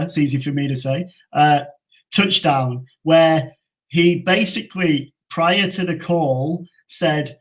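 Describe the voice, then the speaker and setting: An Australian man co-hosting a casual football chat, with a slightly high voice. He rambles and stumbles over names as he goes. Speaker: podcast co-host.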